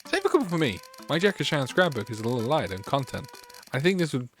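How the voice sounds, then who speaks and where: A man's voice: mid-range voice, very animated, fast talker, soft background music, close to an everyday voice. A friendly, joking teacher and dad from a dating game, as a man reads his messages aloud. His voice moves up and down a lot while he reads.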